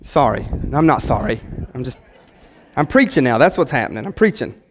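A man, a pastor preaching a sermon in his church, swinging between loud exhortation and quiet emphasis. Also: medium pitch, big pitch swings, fairly quick, long reverb tail, a little hiss or hum. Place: church sanctuary.

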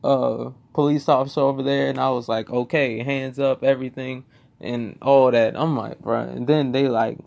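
A young man tells a story from his own life in a loose, rambling way. He swears freely and often circles back over the same words. His voice is gravelly, with a rough crackle at mid pitch. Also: level tone, normal speed, a little mellow, lo-fi sound. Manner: swearing, rambling, repeats himself. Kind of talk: casual personal storytelling.

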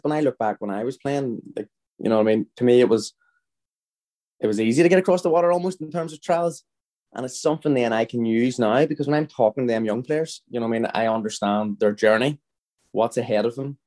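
Warm and mid-range, the voice belongs to a thirty-something Northern Irish footballer guesting on a podcast. His casual anecdotes wander, with frequent restarts and plenty of "you know what I mean" aimed at the listener.

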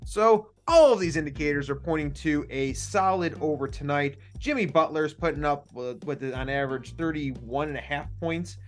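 A man's voice: fairly high pitch, normal speed, few pauses, soft background music. A man hosting a casual sports betting podcast, chatty and jokey, laughing often. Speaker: podcast host.

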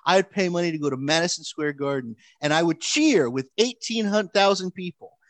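A man telling a long story in casual chat, animated, with frequent restarts and fillers. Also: a little high, moderate pace, no room sound.

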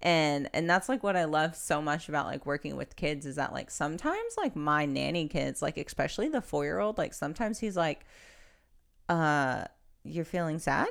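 A woman's voice: deep voice, animated, a little fast, gravelly, few pauses. A young woman co-hosting a podcast, rambling in casual chat with lots of "like". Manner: rambling, heavy use of "like". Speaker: podcast co-host; nanny.

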